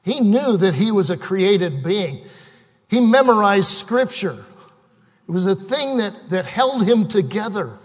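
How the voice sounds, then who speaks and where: Male preacher, high pitch, fervent delivery shifting loud to hushed; reverberant hall. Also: big pitch swings. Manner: impassioned, swings from loud bursts to quiet, slow reading. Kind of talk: sermon.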